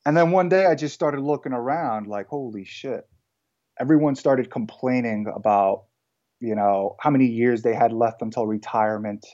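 Mellow-voiced man telling his story casually. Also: mid-range voice, moderate pace, lo-fi sound. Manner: relaxed storyteller, frequent fillers and restarts. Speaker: guest entrepreneur.

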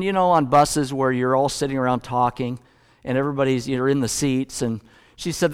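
A middle-aged man preaches a sermon in an easy, conversational way, telling stories and reading scripture at a mid-range pitch. His voice rings through a large hall with a long reverb tail. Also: clear, resonant tone. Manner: conversational, storytelling preacher with self-corrections. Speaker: pastor.

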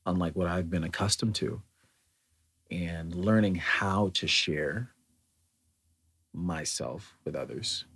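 A man's voice: low voice, fairly bright tone, slightly rough. An American man talking in a thoughtful, meandering way, with many fillers and restarts, in a reflective solo monologue. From United States.

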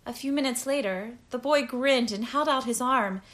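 A woman reading a story aloud as narrator, in a measured, even way. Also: on the high side. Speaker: audiobook narrator. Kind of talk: scripted narration.

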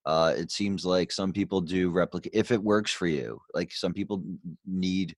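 Low-voiced rambling podcast host. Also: male voice, normal speed, dry recording, studio quality. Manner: rambling, many restarts and fillers. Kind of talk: casual conversation.

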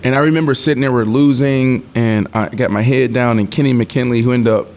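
A man in his thirties tells a sports story in a relaxed interview, his voice sitting at an ordinary middle pitch. He is an animated storyteller who acts out what people said, swears freely and laughs as he goes. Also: brisk. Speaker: former NFL wide receiver, guest.

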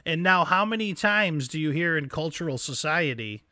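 A man co-hosting a casual podcast, animated and joking, acting out movie scenes. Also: fairly high pitch, moderate pace, no echo, studio quality. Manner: animated, acts out scenes in exaggerated voices. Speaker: podcast co-host. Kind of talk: casual chat.

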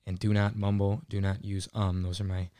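Earnest young podcast host, smooth and dry. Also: male voice, deep voice, monotone, normal speed, mellow, no room sound. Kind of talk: casual podcast chat.

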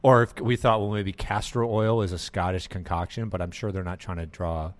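Low-voiced chatty man hosting a podcast. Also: fairly even intonation, fairly quick. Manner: chatty, laughs often, loose and conversational. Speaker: podcast host. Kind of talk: casual podcast chat.

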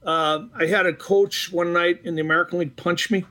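An older man from the Boston area spins anecdotes in a relaxed interview, voice sitting high for a man. He acts out both sides of old arguments and stumbles through fillers and restarts as he goes. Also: fairly quick. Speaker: retired hockey referee, guest. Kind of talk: casual storytelling interview.

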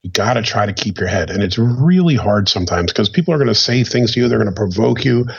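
A man, a former police officer, talking in a measured way and hedging his points in casual chat. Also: fairly low pitch, animated, vocal fry, breathy edge, lo-fi sound.

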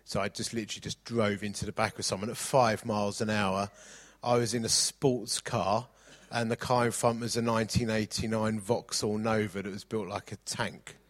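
A man's voice: on the low side, flat delivery, moderate pace. A middle-aged man preaching a sermon, mixing jokey anecdotes with scripture reading.

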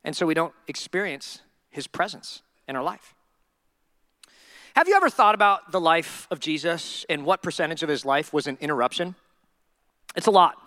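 A male pastor preaching a sermon in a humorous, animated storytelling way. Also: a little high, normal speed, pauses often, no room sound, clean studio sound.

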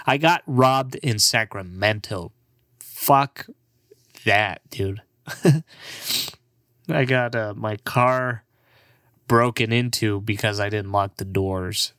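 A man's voice: fairly low pitch, drawn-out words, pauses often, sharp tone, dry recording, studio quality. A young man in his twenties, a comedian, rambling casually in a profane, laid-back way and laughing often.

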